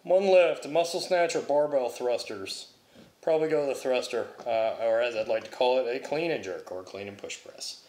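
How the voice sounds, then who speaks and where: A young man answering viewer questions about Highland Games throwing and training in a blunt, offhand way with casual swearing. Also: moderate pace, a little mellow, echoey room. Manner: blunt, profane, offhand, reads questions aloud then answers. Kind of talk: casual Q&A vlog.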